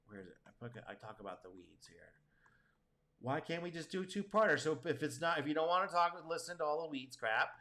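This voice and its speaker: A man with a high voice talks fast through a reaction commentary. He rambles and restarts his sentences, stresses his points hard and swears casually, like a teacher venting about work habits. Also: lively intonation, pushed and bright. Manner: rambling, emphatic, casually profane. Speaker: host and programming course teacher.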